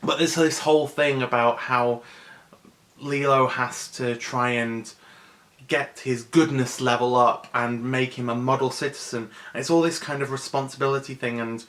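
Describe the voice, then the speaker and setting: A man's voice: medium pitch, fairly even intonation, moderate pace, fairly bright tone. Emotional man retelling a favourite film. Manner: enthusiastic, emotional, personal. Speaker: vlogger.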